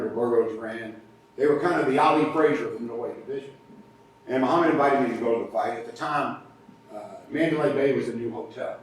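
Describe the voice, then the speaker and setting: Male guest speaker, lively storyteller who acts out the quotes; distant mic, faint background rumble. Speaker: guest speaker, podcast co-host. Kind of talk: storytelling speech at a club meeting. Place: large meeting room. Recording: echoey room, faint rumble, far from mic.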